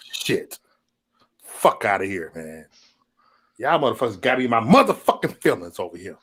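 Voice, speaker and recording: A man hosts a casual livestream from his home. He riffs in loose, profane banter that breaks into laughter. His pitch swings widely as he talks. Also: very animated, unhurried, pauses often, a bit bright, slightly rough. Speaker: livestream host.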